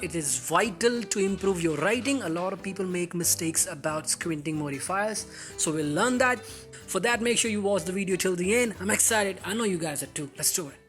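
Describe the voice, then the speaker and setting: A man's voice: sits high, fairly bright tone. Upbeat male English grammar teacher. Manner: upbeat, addresses viewers as guys, asks rhetorical questions; slows down and stresses words when reading example sentences. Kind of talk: grammar lesson.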